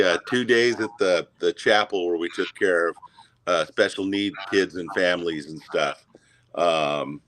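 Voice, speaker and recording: A man chatting casually as a guest, telling stories in a halting way with many fillers and chuckles. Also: sits low, fairly bright tone. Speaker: guest, Santa performer. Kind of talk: casual chat, storytelling.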